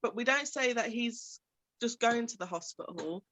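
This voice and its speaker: A woman's voice: on the high side, expressive, moderate pace, a bit bright, slight background noise. A young woman with a Birmingham accent, a parent talking casually in an interview and acting out what others say. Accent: Birmingham English. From England. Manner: chatty, acts out quoted speech, laughs often. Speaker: parent guest.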